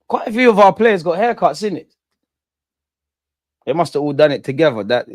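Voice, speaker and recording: A young man hosting a live football watch-along, reacting loudly and bantering at the players. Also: on the high side, normal speed, pauses often. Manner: excitable, shouts at goals, banters at players. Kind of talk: live match reaction commentary.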